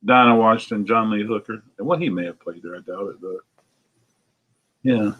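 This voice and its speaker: A man's voice: fairly low pitch, normal speed, husky, muffled recording. Rambling man sorting CDs, muttering asides. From United States. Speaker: record store owner. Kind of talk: casual vlog talk while sorting CDs. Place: record shop.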